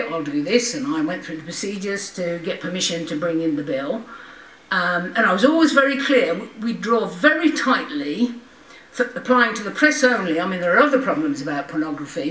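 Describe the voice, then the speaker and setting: An older woman speaks to a lecture audience, telling her story in a loose, conversational way, full of ums and wry asides. Her voice sits at a middling pitch. It is picked up from some distance and rings around a roomy hall. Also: fairly bright tone. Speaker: lecture speaker, former member of parliament. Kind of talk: personal anecdotal lecture. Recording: roomy hall, voice from far off the mic.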